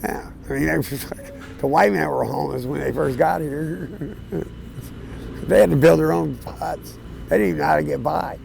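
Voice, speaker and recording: A man of around 60 telling his life story outdoors on a city street, plain-spoken and casual, with fillers and soft chuckles. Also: on the high side, normal speed, creaky, background noise. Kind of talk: candid storytelling.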